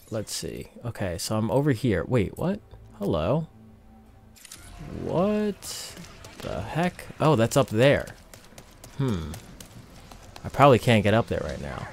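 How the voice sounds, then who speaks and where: Gravelly low-voiced young man chatting over gameplay. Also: a little mellow. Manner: rambling, self-interrupting, chatty asides to viewers. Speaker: let's play host. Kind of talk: casual gameplay commentary.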